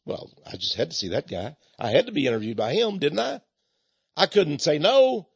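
A man's voice: on the high side, very animated, normal speed, gravelly, husky, dry recording. Chuckling, stammering male preacher. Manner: chuckling storyteller with many stammered restarts. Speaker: author and Christian speaker. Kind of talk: folksy preaching and book pitch. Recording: dull lo-fi recording.

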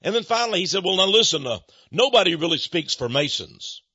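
A man's voice: high voice, very animated, brisk, pushed and bright, husky, dry recording. A man from the United States telling a story in a sermon, animatedly acting out both sides of conversations. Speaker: Christian speaker on Freemasonry. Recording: dull muffled lo-fi recording.

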